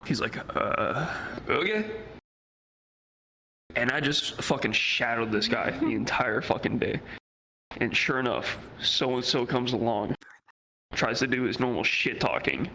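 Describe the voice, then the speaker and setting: Through a low-quality recording, a young adult man with a medium-pitched voice tells a story on a live stream, speaking a little slowly. He talks casually and profanely, animatedly acting out the people he quotes.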